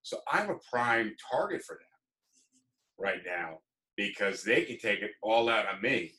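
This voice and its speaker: Bright-voiced man telling a heated story. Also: fairly low pitch, unhurried, poor audio. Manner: animated storyteller, swearing, acting out both sides. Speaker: host. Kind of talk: casual chat.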